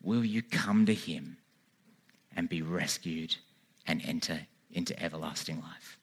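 A man's voice: rumbling low, a little slow, husky. A man preaching a sermon in a church, with earnest, pleading calls to turn to God. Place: church hall with a congregation.

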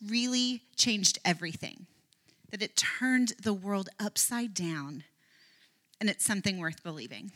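A woman giving a Bible talk, telling the story earnestly and dropping to a soft, near-whispered voice at moving moments. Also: mid-range voice. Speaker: Bible teacher.

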